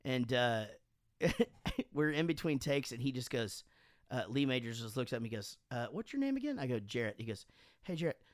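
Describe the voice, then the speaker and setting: A man's voice: medium pitch, normal speed, no room sound. Tipsy guy telling stories, swears a lot, does the voices, dry room. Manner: animated, swearing, acts out quotes. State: drunk. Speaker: podcast host and band frontman. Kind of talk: casual storytelling chat.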